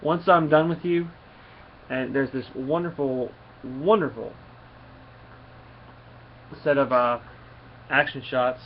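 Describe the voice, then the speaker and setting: A man talks through a comic book in a loose, halting way, stumbling and restarting as he goes. His voice sits in an ordinary middle register. The recording is dull and lo-fi, with a faint hiss of ambience behind it. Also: mid-range voice. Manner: rambling, halting, with many restarts and fillers. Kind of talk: casual comic review, reading panels aloud.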